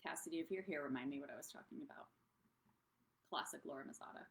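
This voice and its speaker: A woman's voice: low-pitched, fast talker, gravelly, roomy sound. A woman coaching other business owners on a live stream, talking in a bubbly, rambling way that drifts off track. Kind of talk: casual live-stream talk.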